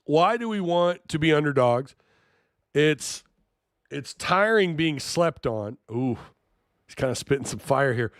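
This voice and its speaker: A man's voice: fairly high pitch, lively intonation, unhurried, no echo, clean studio sound. A man hosting a live-streamed sports talk show, reading chat and reacting in an incredulous, jokey way.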